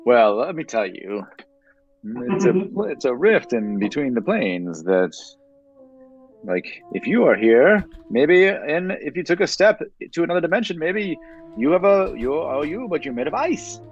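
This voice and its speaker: Man, player, high lively voice, rambling, dull lo-fi sound, faint music. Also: a little slow, slightly rough. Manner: animated, rambling explanations. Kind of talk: casual tabletop chat.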